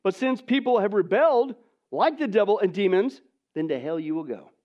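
A man preaches a sermon, swinging from hushed, near-whispered lines to loud, emphatic ones and putting rhetorical questions to his listeners. His voice is high-pitched with lively intonation, and he speaks fairly quickly. The recording is dull and lo-fi.

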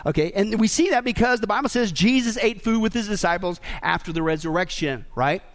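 A man preaching a sermon as pastor, animated and humorous, tossing questions out to the congregation. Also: high voice, a little fast. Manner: call-and-response questions to the congregation.

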